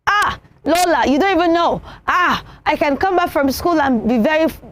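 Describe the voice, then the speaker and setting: Woman putting on an impatient hungry kid, high voice, pleading and excited. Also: moderate pace. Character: hungry, impatient schoolkid who cannot wait to eat.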